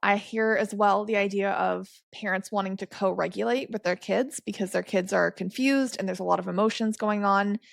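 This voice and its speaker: A woman's voice: mid-range voice, steady tone, normal speed, vocal fry, hardly any pauses, dry recording, studio quality. A woman hosting a casual podcast chat, asking curious, probing questions and laughing often. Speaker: podcast host.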